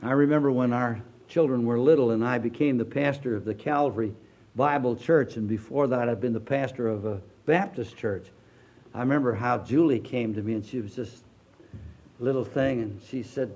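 An older man, a pastor, preaching a sermon, dropping low and quiet then rising loud with slow, drawn-out emphasis.

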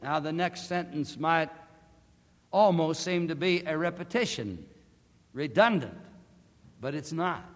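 A man preaching a sermon, emphatic and deliberate, slowing down to stress key words. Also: fairly high pitch, lively intonation. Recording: long hall reverb.

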